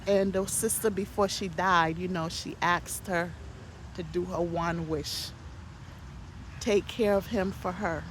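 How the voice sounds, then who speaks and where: A woman's voice: fairly low pitch, a little hiss or hum. A woman casually telling neighborhood stories in a chatty, gossipy monologue, cursing now and then and excusing herself. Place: outdoors near parked vehicles.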